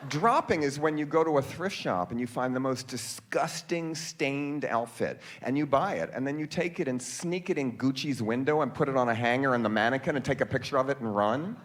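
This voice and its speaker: A man performing a comic stage monologue from a theater stage, telling stories in a wry, dry way full of quick asides. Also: medium pitch, a little hiss or hum.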